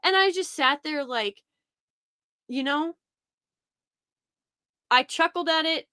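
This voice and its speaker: A woman's voice: high-pitched, takes it slowly, dry recording, clean studio sound. A woman talking as a podcast guest in a casual chat, rambling with many restarts and fillers and acting out quotes from her retellings. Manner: quotes others in animated retellings.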